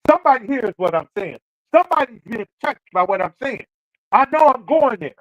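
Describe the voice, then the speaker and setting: High-voiced man preaching motivation. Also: sing-song, a little fast, fairly bright tone, no room sound, low-quality recording. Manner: preacherly, repeats phrases for emphasis. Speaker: show host. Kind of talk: motivational talk.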